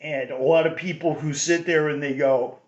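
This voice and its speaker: A man's voice: fairly high pitch, steady tone, normal speed. Rambling man hosting a homemade radio show. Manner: rambling, many restarts and fillers. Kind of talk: casual rambling monologue. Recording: roomy dull lo-fi recording.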